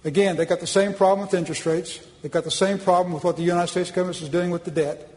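A man's voice: sits high, fairly even intonation, quick pace, a little mellow, big-room sound, poor audio. A man from Oklahoma giving a public speech with slides at a policy conference, folksy and emphatic, often restarting his sentences.

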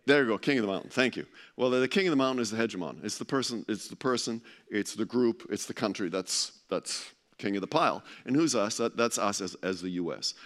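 A man's voice: on the low side, fairly quick, few pauses, a bit bright. A man giving an informal presentation to a live audience, chatty and joking, often stumbling and restarting as he searches for words.

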